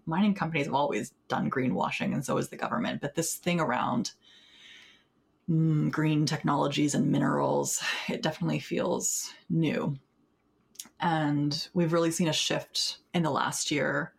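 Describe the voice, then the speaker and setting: Brief: woman activist, casual and wry, with a gravelly, husky voice. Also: sits low. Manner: casual, frequent fillers and wry laughs. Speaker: mining justice organizer. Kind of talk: conversational interview answer.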